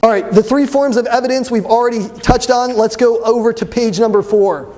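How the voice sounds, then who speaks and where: Man, high voice, young adult, debate teacher, lively lecture, questions to students. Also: fairly quick. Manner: animated, asks the class questions. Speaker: debate instructor. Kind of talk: classroom lecture.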